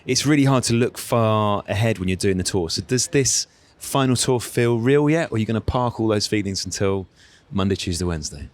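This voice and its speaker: A man's voice: lowish voice, animated, a little fast, hardly any pauses. A man interviewing a guest, asking friendly, conversational questions. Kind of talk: casual interview.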